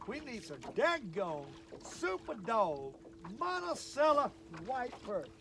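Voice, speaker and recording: High-voiced old guy rambling on about fishing from his boat, country drawl. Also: wildly swooping pitch, slow, a bit bright, a little hiss or hum. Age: older. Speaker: fishing show host. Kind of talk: casual fishing vlog monologue. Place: outdoors on a boat on a lake.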